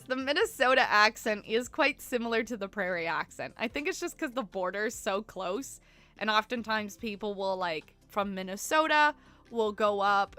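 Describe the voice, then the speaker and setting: Editing photos live on stream, a young woman talks in a meandering, filler-heavy way. Her voice sits at medium pitch and sounds bright and forceful.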